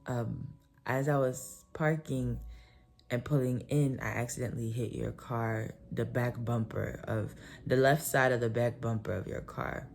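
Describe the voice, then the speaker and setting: Very low-voiced woman rambling casually. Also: steady tone, measured pace, creaky, a little mellow, a little hiss or hum. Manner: rambling, filler-heavy, often self-correcting. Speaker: vlogger. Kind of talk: casual storytelling vlog.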